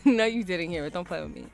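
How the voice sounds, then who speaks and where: A woman's voice: on the low side, expressive, normal speed, creaky, a bit bright, faint music behind. A woman hosting a radio show, telling a story in casual chat, laughing often and acting out both sides.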